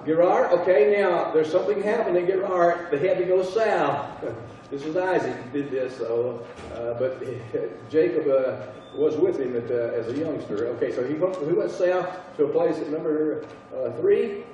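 A man's voice: on the high side, dark tone, slight background noise. Southern man teaching a Bible class, roomy and distant. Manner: halting, repeats words, asks the class questions. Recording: echoey room from far off, dull sound.

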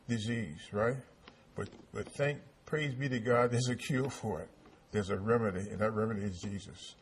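A man's voice: fairly low pitch, moderate pace, a little hiss or hum. A man preaching a sermon, repeating his points and asking the congregation rhetorical questions. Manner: repetitive call-and-response preaching with rhetorical questions.

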